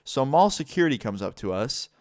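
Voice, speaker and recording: A man's voice: medium pitch, a little fast, dry recording, clean studio sound. A man telling a personal story in a casual storytime vlog. He talks candidly, swears freely, fills his speech with "like" and acts out the other people in the story. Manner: animated retelling, voices the other people in the story.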